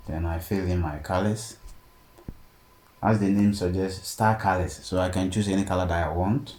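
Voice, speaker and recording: A man teaching a design software tutorial step by step and often checking in with "okay?". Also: sits low, normal speed. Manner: steady step-by-step explaining, frequent "okay?" check-ins. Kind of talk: screen-recorded tutorial narration. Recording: echoey room, faint background noise.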